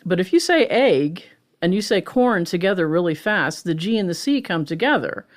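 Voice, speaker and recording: Professor type, woman in her 60s, lowish voice, animated and talkative, lectures conversationally. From Pittsburgh, USA. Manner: animated and chatty, explains with rhetorical "right?" and quick laughs. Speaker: linguistics professor, guest.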